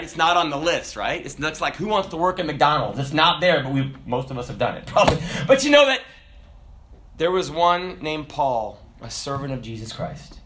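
High-voiced, bright, animated preacher man. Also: slight background noise. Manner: animated, swings from loud exclamations to hushed asides. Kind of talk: sermon.

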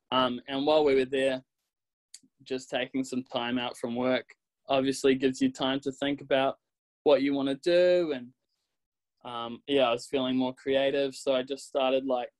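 A young man from New Zealand with a Kiwi accent, a graphic designer chatting casually as an interview guest, relaxed and laughing often. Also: mid-range voice, low-quality recording.

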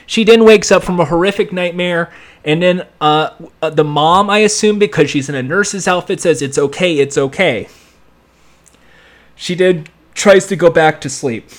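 Sarcastic man recapping a show. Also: high-pitched. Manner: sarcastic, rambling, with sound effects and quick impressions. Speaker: show reviewer. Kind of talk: casual recap and commentary.

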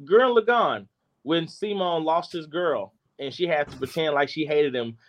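Animated slangy man on a panel. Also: on the high side, normal speed. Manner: animated, slangy, acts out quotes. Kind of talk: casual panel chat.

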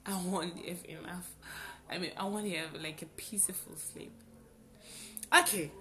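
A young adult woman hosting a podcast, telling a personal story in a casual, animated way and repeating words for emphasis. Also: lowish voice, moderate pace, over music. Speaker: podcast host.

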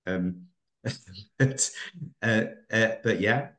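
A man muses aloud at length, full of ums and restarts. His voice sits very low. The room around him rings with echo. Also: very slow, a bit bright. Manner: reflective, rambling with fillers. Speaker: podcast co-host and teacher. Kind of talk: casual podcast chat.

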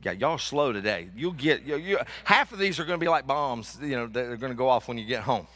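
A male pastor preaching a sermon, animated and joking, repeating lines for emphasis. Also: mid-range voice, a little fast.

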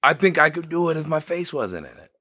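A man's voice: fairly high pitch, sing-song, a little fast, sharp tone, breathy edge, no echo, clean studio sound. A man co-hosting a podcast in crude casual banter, telling stories and acting out quotes. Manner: crude, joking storyteller who acts out quotes. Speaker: podcast co-host.

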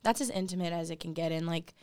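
A woman's voice: on the low side, quick pace, darkish tone, clear, resonant tone, no echo, clean studio sound. A young woman co-hosting a casual podcast, talking earnestly with lots of "like" fillers. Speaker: podcast co-host. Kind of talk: casual faith podcast chat.

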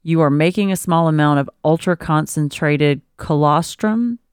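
A woman's voice: deep voice, normal speed, darkish tone, smooth, no echo, clean studio sound. A woman co-hosting a casual podcast, reading parenting advice aloud and breaking off into laughing asides. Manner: reads aloud then riffs with laughing asides. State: expecting a baby. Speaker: podcast co-host.

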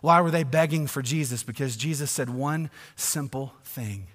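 A man's voice: mid-range voice, moderate pace, few pauses. Emphatic male preacher in a reverberant hall. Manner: emphatic, swings between loud and hushed. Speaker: pastor. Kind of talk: sermon.

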